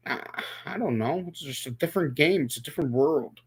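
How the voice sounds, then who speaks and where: A man's voice: sits high, big pitch swings, quick pace, breathy edge. Young male streamer, loose rambling chat, lots of restarts. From New York. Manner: rambling, repeats words, talks to chat viewers. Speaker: livestream host. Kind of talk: casual live-stream chat.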